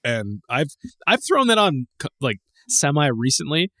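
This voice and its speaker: A man co-hosting a podcast in relaxed, casual chat. His pitch swings around with animation, and he rambles with plenty of restarts. The sound is dry and close to the mic. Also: normal speed, dry recording. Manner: rambling, laughing, swearing, many restarts. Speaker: podcast co-host.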